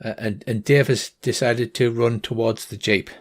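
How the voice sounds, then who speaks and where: Older guy game-mastering a tabletop game, mid pitch, lots of uhs and ums. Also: steady tone, normal speed. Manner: hesitant, many fillers.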